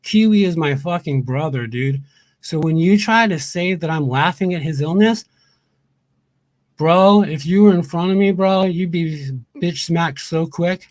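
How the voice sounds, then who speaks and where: A man's voice: a little high, unhurried, no echo. A man ranting on a livestream, angry and profane, repeating his points over and over. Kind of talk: heated livestream rant.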